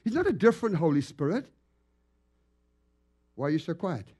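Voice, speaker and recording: A man preaching in a church as a guest evangelist, telling stories with lively, acted-out animation. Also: a little high, moderate pace, breathy edge. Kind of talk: storytelling sermon. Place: church sanctuary.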